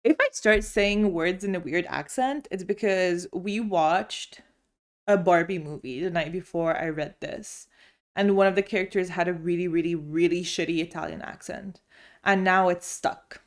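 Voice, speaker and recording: A young book vlogger sits in a sunlit room at home, chatting through her monthly reading in a casual review. She gushes, often restarts her sentences, and speaks at normal speed in a fairly low voice.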